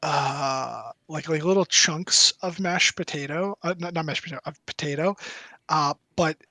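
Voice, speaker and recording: A man running a tabletop roleplaying game, describing the scene in a loose, rambling way full of fillers and restarts. His voice sits a bit high for a man. The recording is dry and close, with no room sound. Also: moderate pace, bright, forceful tone, dry recording. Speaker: game master.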